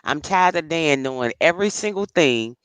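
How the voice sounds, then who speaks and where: A woman's voice: low voice, animated, normal speed, smooth, no echo. A woman co-hosting a casual live stream chat, teasing playfully and laughing often while she packs things with tape. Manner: busy packing items with tape while talking.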